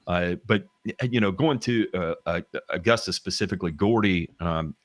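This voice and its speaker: Deep-voiced Southern man, rambling. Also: moderate pace, no echo. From American South. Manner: rambling, frequent restarts and fillers, candid with swearing. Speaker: podcast guest telling work stories. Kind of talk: casual chat.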